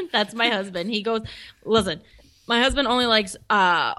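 A woman's voice: fairly high pitch, big pitch swings, takes it slowly, sharp tone. Chatty woman co-host who laughs often. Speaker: podcast co-host. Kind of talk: casual chat.

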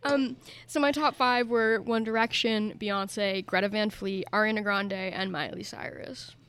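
A woman's voice: medium pitch, fairly even intonation, a little slow, a bit bright, smooth. A young woman co-hosting a casual chat, blunt and a little sarcastic. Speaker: co-host.

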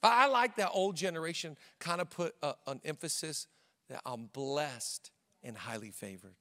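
A man preaching a sermon as a pastor, moving between quiet, joking storytelling and loud, ringing preaching. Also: a little high, lively intonation, moderate pace. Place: large church hall. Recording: long hall reverb.

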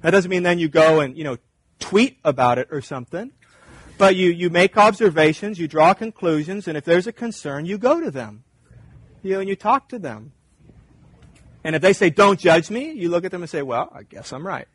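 Emphatic husky male preacher. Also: high-pitched, lively intonation, a little fast. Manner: emphatic, conversational, acts out dialogue. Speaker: pastor. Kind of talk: sermon.

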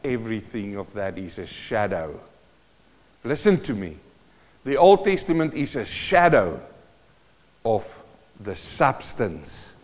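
A man's voice: lowish voice, big pitch swings, slow pace, pauses often, a little mellow. A man preaching a sermon, quoting scripture and building emphatically in intensity. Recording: long reverb of a large hall.

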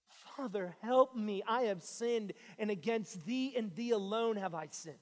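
High-voiced preacher pleading in a reverberant hall. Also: male voice, unhurried, hardly any pauses. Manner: pleading, swings from hushed to shouted. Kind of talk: sermon.

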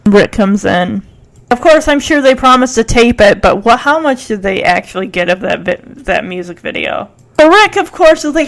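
A woman host giving a casual, animated recap of a TV episode, acting out the characters' lines and saying "like" often. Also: a little high, normal speed. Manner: animated storytelling, acts out characters' lines, frequent "like". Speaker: podcast host.

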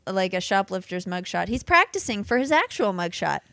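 A woman's voice: medium pitch, sing-song, brisk, vocal fry, fairly bright tone, no echo. A woman co-hosting a casual movie chat with wry, teasing remarks. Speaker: podcast co-host.

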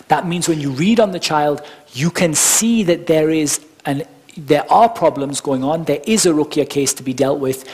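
A man's voice: a little high, breathy edge. A man giving an informal workshop lecture, explaining step by step with frequent asides. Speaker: workshop instructor. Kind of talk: conversational teaching lecture.

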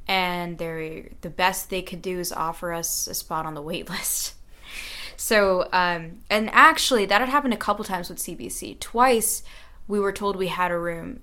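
A woman's voice: fairly low pitch, pushed and bright. A young woman in her late teens, a student, telling her story in a casual radio interview, earnest and chatty with frequent fillers. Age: young adult.

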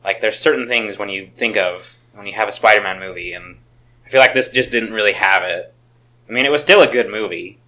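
A man's voice: on the low side, fairly quick, sharp tone, low-quality recording. A man in casual chat reviewing a film, blunt and opinionated. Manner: blunt, opinionated, occasional swearing.

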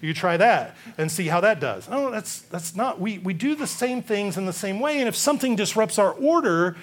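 A man preaching a sermon, animated and given to sarcastic asides. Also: high voice, moderate pace.

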